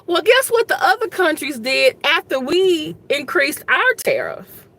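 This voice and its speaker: A woman's voice: high voice, sing-song, unhurried, a bit bright. A woman who teaches history and government, giving casual political commentary straight to her viewers in a rambling, exasperated way, saying "y'all" often. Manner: colloquial, says "y'all".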